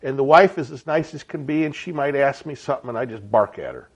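A man's voice: medium pitch, lively intonation, quick pace, slightly rough, dull audio. A man giving an informal sermon as a Bible teacher, chatty and conversational, often checking in with rhetorical questions.

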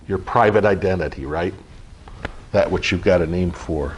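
A man's voice: deep voice, a little slow, pauses often, breathy edge. A middle-aged man giving an informal spiritual teaching, earnest and repetitive, often checking in with his listeners. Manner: earnest, repetitive, frequent "okay?" check-ins. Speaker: spiritual group leader.

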